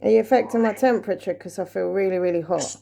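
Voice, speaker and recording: A woman vlogging a paranormal session at home, talking quietly and nervously as she calls out questions to spirits. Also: mid-range voice, quick pace, gravelly. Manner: hushed, nervous, asking questions into the dark. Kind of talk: ghost-hunting session vlog.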